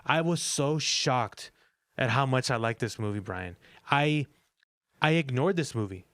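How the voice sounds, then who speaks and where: A man's voice: medium pitch, lively intonation, unhurried, fairly bright tone, dry recording. A man co-hosting a movie podcast, chatting casually and rambling with lots of fillers and swearing. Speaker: podcast co-host reviewing films. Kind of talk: casual movie review chat.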